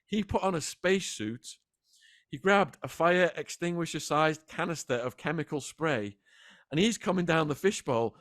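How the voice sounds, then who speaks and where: A man guest in a sit-down interview, retelling events in an animated, dramatic way. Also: on the high side, normal speed, dry recording, clean studio sound. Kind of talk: vivid storytelling in a sit-down interview.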